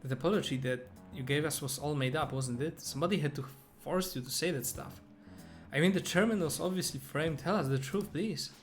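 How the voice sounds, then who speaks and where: A man's voice: on the high side, a little fast, natural voice. A man reading aloud the lines of distraught cult followers from a game, pleading with their leader, with game music behind.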